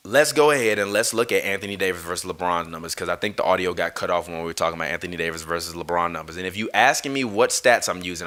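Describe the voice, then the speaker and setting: A man's voice: low voice, pushed and bright. Heated man ranting on a live stream. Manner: heated, swearing, argumentative, apologizes over audio trouble. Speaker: basketball podcast host. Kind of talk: live-stream sports rant. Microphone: streaming through a mixer.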